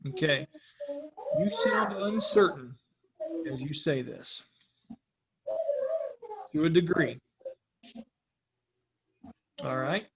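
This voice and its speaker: A game master narrates a tabletop session in an easygoing, conversational manner, pausing with the odd filler. A faint hiss sits under the voice. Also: mid-range voice, wildly swooping pitch.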